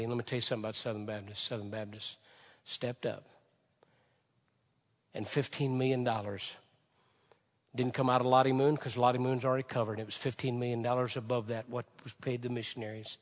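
A man preaching a sermon with passion, swinging from shouted peaks to hushed, quiet lines. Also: mid-range voice. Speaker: pastor. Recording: long hall reverb.

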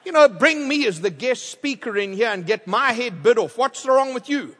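A man preaching a storytelling sermon as a guest speaker, wearing a headset mic and swinging from loud to hushed. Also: extremely high pitch, animated, normal speed. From outside the United States. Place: large church. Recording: long reverb of a large church.

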